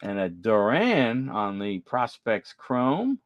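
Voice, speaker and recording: Man hosting a card break, unhurried, dry close sound, chatty, calls out names. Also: lowish voice, very animated, no echo, highs cut off. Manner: chatty, greets viewers by name; reads off player names as he flips cards. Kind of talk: live card-opening stream chat.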